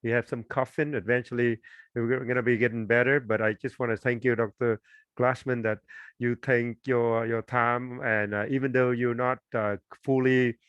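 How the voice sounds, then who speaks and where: Smooth-voiced man hosting a podcast. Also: mid-range voice, little pitch movement, moderate pace, a bit bright, no room sound, highs cut off. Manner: brief affirmations, hesitant fillers. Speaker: podcast host. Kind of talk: casual interview chat.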